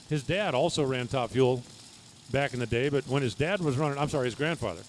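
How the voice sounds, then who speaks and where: A man's voice: mid-range voice, slight background noise. A man giving live drag racing commentary, reading times and speeds with folksy, joking asides.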